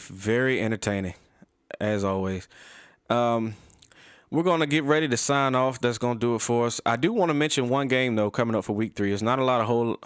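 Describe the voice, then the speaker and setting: A man hosting a sports podcast, wrapping up in a relaxed, wry way. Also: mid-range voice, clear, resonant tone, dry recording, clean studio sound. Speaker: podcast host. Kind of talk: casual podcast sign-off.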